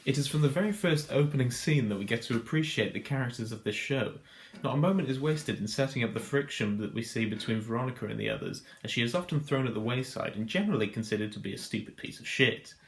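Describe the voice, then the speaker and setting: A man narrates a scripted video analysis with a dry, mock-grand deadpan. His voice sits at an everyday middle pitch. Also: quick pace. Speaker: video host.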